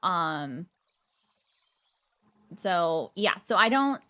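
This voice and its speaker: A woman's voice: fairly low pitch, very animated, drawn-out words, a bit bright. A woman streamer from the US South with a generic American accent with a slight Midwest hint, chatting casually with her viewers and laughing often. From Georgia, US South. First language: not English. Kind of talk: casual chat with live chat.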